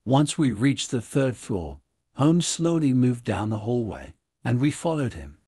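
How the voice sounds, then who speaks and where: A man narrating a classic story for English learners, reading in a clear, even way. His voice is husky and sits mid-range. The recording is dry and close, with no room sound. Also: medium pitch, a little slow, no room sound.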